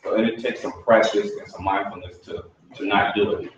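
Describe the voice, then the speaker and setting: A man's voice: fairly low pitch, steady tone, brisk, a little hiss or hum. A man leading a staff training session, explaining in a conversational, anecdotal way. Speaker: workshop trainer. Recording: echoey room from a far mic, dull sound.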